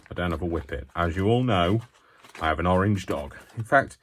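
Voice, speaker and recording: A man with a deep, low voice talks through a craft tutorial at home, chatty and loose, often mocking himself as he goes. A faint hiss sits under the recording. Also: animated, brisk. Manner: rambling, self-mocking asides. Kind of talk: chatty hands-on demonstration.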